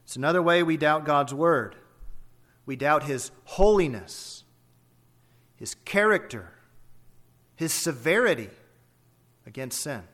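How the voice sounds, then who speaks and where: A male preacher delivers an expository sermon in a fairly high voice. His tone is bright and forceful. He drives his points home with emphasis and keeps putting rhetorical questions to his listeners. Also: lively intonation, takes it slowly, pauses often.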